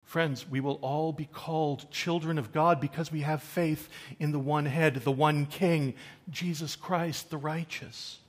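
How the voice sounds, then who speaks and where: A man preaching a sermon, swinging from loud, emphatic scripture reading to quiet, conversational asides to the congregation. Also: a little high, fairly even intonation, unhurried. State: choked up with emotion.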